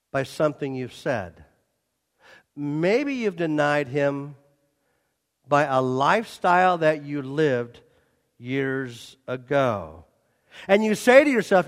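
A male pastor with a high voice reads scripture evenly, then surges loud on quoted lines and appeals to his listeners in animated preaching. A long reverb from the large church hall surrounds his voice.

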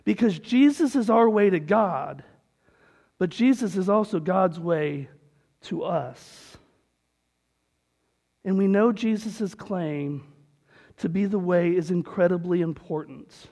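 A man's voice: sits high, takes it slowly, creaky, long pauses, darkish tone. A man pastor preaching a sermon in an earnest, conversational way, with a long hall reverb.

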